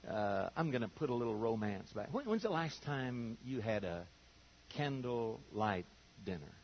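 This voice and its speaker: A man's voice: medium pitch, very animated, measured pace, slight background noise. An older man preaching a sermon in a folksy storytelling way, acting out the voices of the people he quotes.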